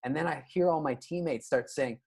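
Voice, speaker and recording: A man's voice: on the high side, fairly quick, vocal fry, breathy edge. A man telling a funny story in casual podcast chat, acting out the people in it. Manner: animated, acts out quoted voices.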